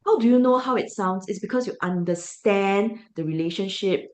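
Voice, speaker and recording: A woman's voice: mid-range voice, moderate pace, a little mellow. Singaporean woman teaching English. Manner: explanatory, asks the class rhetorical questions. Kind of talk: online class teaching.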